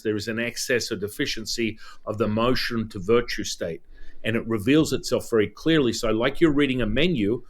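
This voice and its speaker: A man, a guest Taoist teacher, tells a story in a podcast interview with excitement, acting out the quoted dialogue and often restarting and repeating words. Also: mid-range voice.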